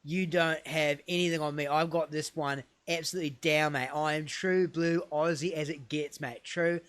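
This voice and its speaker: A man putting on an excitable boastful immigrant guy. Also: normal speed, no room sound, close to an everyday voice. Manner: excited, emphatic, high-pitched. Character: eager boastful immigrant man, loud and keen.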